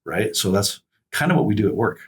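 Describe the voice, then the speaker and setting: A man in his fifties, a podcast guest telling stories in a halting, reflective way. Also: on the low side, lively intonation, breathy edge. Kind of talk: casual conversation.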